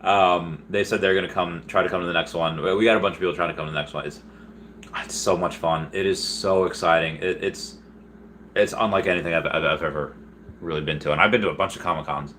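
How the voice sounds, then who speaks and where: A man hosting a casual livestream, reading viewer chat aloud in a rambling, excitable way with frequent laughs and restarts. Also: deep voice, fast, slight background noise.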